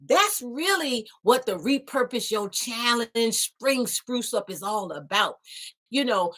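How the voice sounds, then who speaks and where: A woman's voice: fairly high pitch, lively intonation, slow, a bit bright, exaggerated voice. A woman voicing a sassy, folksy female design assistant who chats with a bubbly, teasing manner and plenty of slang. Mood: encouraging. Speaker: show's alter ego design assistant. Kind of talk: chatty talk-show segment in character.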